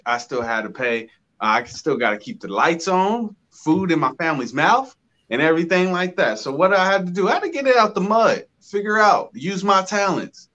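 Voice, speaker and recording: A man's voice: high-pitched, pushed and bright. A man co-hosting a casual talk show, telling his story emphatically with lots of slang. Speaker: podcast co-host. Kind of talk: casual chat.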